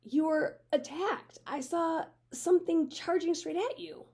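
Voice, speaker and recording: A woman's voice: very high-pitched, measured pace, creaky, a little mellow, voice pushed up, heavily acted. A woman voicing an eager, earnest young boy apprentice in a read-aloud of a children's book.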